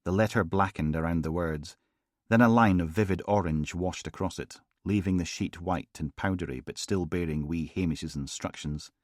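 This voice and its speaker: Deep male narrator, crime audiobook, measured and dry, super dry close sound. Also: dry recording. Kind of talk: scripted narration.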